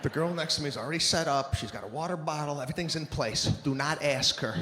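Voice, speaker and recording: A male stand-up comedian telling stories in an exasperated, animated way on a large theater stage. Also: on the high side, fast talker. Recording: echoey theater with long reverb and audience noise.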